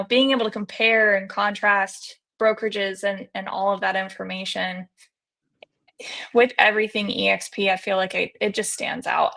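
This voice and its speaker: A young adult woman speaking as an interview guest, relaxed and conversational. She fills her talk with hedging fillers, and her voice sits at an average pitch. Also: vocal fry. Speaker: guest realtor. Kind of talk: casual interview chat.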